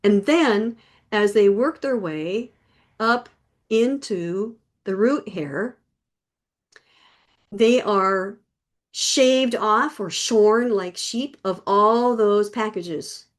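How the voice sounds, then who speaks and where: Woman, middle-aged, gardening teacher, online class, chatty and folksy, slow pace. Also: medium pitch. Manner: chatty, folksy explanations with homely comparisons.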